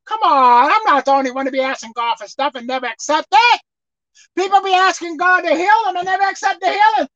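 A woman delivers a sermon with a bright, high voice that swings widely in pitch. She talks straight to the congregation and acts out pleading prayers. The recording is dry and slightly muffled. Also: a little fast, dry recording. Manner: animated, acts out pleading prayers, calls out to listeners. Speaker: preacher.

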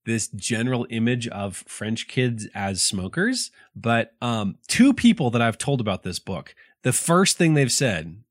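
A man's voice: mid-range voice, measured pace, few pauses, no echo, clean studio sound. A man co-hosting a casual book chat, talking with lots of restarts and laughs. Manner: animated, laughing, many restarts. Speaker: podcast co-host.

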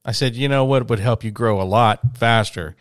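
A middle-aged man chatting casually as a podcast co-host, telling animated stories and laughing easily. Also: medium pitch, normal speed, dry recording, clean studio sound. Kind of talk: casual chat.

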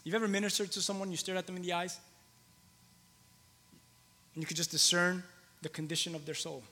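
Man, pastor, thirties, sermon, long hall reverb, slightly high voice. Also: fairly even intonation, brisk, bright, forceful tone. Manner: conversational, repeats phrases for emphasis.

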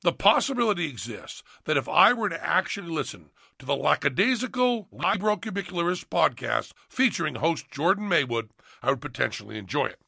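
A deadpan male announcer, put on by a man, reads a mock-formal promo in a gravelly, husky voice. His pitch swings widely and the tone is very bright. The sound is close and dry. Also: fairly quick, dry recording, full character voice.

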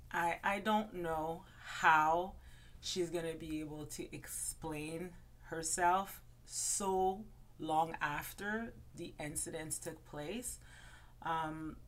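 A woman hosts a casual gossip commentary in a chatty, meandering way. Her voice sits on the lower side for a woman. She speaks loosely, with frequent fillers and restarts as she thinks aloud. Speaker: host.

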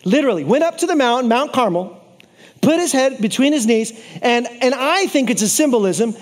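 A man preaching a sermon, telling the story in a lively way with playful asides to his congregation and repeating key phrases for emphasis. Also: extremely high pitch, fairly quick.

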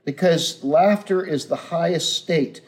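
A man's voice: on the high side, measured pace, darkish tone. A man as the guest in a casual unscripted interview, earnest and musing, speaking in pronouncements.

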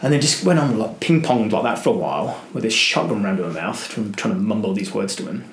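A man guesting on a podcast, telling an adventure story in an animated way, acting out voices and restarting his sentences. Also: fairly low pitch, quick pace, reverberant. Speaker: guest, adventurer and motivational speaker.

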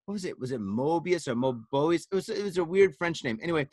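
Tipsy man, rambling swearing storyteller, slightly high voice, dry sound. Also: lively intonation, fast, a little mellow, no room sound. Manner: profane, rambling storyteller, says dude and man a lot. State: tipsy from wine. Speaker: podcast host. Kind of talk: casual chat.

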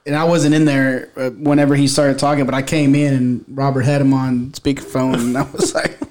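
A man's voice: mid-range voice, flat delivery, brisk, a little mellow. A man co-hosting a casual podcast, joking around and laughing easily. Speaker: podcast co-host. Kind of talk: casual chat.

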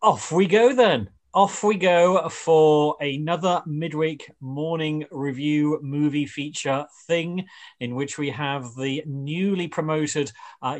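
A man hosting a radio panel chat in a rambling way, with many fillers and restarts. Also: a little high. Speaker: radio show host.

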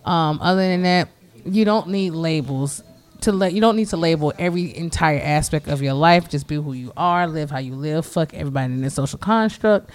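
A woman's voice: sits low, a little fast. A woman co-hosting a casual podcast, blunt and playful, laughing often. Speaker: podcast co-host.

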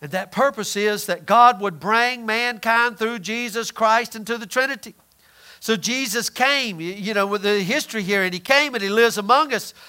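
A man delivers a sermon in a high, ringing voice. He is emphatic, swinging from loud declarations to hushed asides, and acts out the people in his retellings. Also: moderate pace. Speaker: preacher.

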